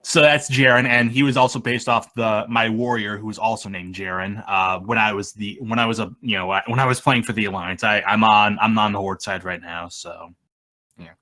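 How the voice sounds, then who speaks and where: A man being interviewed about his machinima videos, talking in a rambling, halting way that trails off mid-sentence. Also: lowish voice, fairly even intonation, sharp tone. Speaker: machinima creator, interview guest. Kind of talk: casual interview chat.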